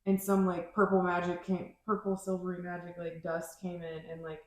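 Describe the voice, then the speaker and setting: A woman's voice: on the low side, completely flat delivery, normal speed. A woman podcast host in casual chat, rambling and searching for her words with many fillers. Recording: very echoey room.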